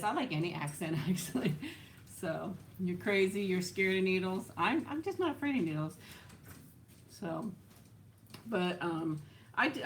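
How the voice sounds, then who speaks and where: A woman's voice: fairly low pitch, a little hiss or hum. A woman hosting a casual livestream, chatting and answering viewer comments, laughing often and trailing off with "so". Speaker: livestream host. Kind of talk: casual live chat reading viewer comments.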